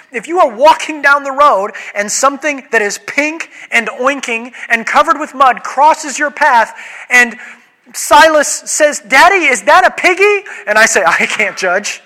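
A man's voice: very high-pitched, lively intonation, normal speed, sharp tone, big-room sound. A man who is a pastor, preaching a sermon in a conversational, joking way and putting questions to his congregation.

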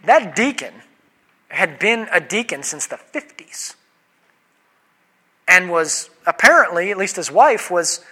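Bright-voiced pastor man preaching casually. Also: high-pitched, in a large hall. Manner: conversational and joking, asks the room questions. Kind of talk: sermon with congregation questions.

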